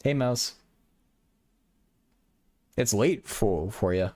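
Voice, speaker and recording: Stammering young man, low dry voice. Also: lively intonation, drawn-out words, a little mellow, no room sound. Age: young adult. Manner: stuttering, repeats words. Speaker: livestream host. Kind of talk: casual chat with viewers. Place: small apartment bedroom.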